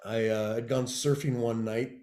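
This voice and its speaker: Middle-aged man from California, interview guest, lively anecdotes with acted-out voices, mid-pitched, echoey room sound. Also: normal speed. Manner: animated storyteller who acts out quoted people. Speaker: guest, TV showrunner and actor. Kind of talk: casual storytelling interview.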